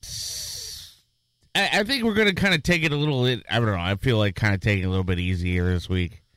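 A man's voice: fairly low pitch, expressive, brisk, fairly bright tone, no room sound. A man co-hosting a casual chat, joking around and talking with hesitant restarts. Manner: jokey, hesitant, with frequent restarts and sound-effect gags. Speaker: podcast co-host.

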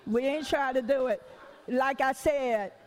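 A middle-aged woman preacher delivers a conversational sermon, telling stories, voicing what people said, and tossing in joking asides. Her voice sits high with a darkish tone, her pace is measured, and the sound fills a big room.

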